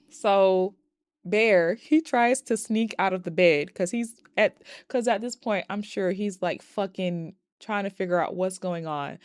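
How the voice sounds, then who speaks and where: Animated, profane woman movie reviewer. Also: mid-range voice, slow, clean tone, no room sound, clean studio sound. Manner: animated and profane, with bursts of laughter. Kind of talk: casual movie recap.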